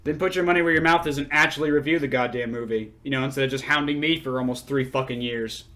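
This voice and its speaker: A man's voice: medium pitch, fast talker, sharp tone, a little hiss or hum. A man hosting his own channel, delivering an angry, sarcastic, profanity-laced response to a critic. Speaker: channel host. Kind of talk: angry response-video commentary.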